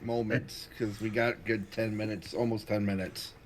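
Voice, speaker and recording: A man's voice: fairly low pitch, fairly even intonation, normal speed. Teasing man chatting on a podcast. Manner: teasing, swearing. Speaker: podcast co-host. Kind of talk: casual chat.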